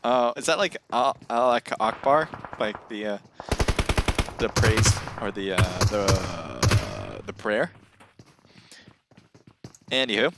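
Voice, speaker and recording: Over a very noisy recording, a man with a fairly low, expressive voice casts a live mobile battle royale match slowly, with long pauses. The esports commentator stays casual and talkative, laughing and getting excited when things get close.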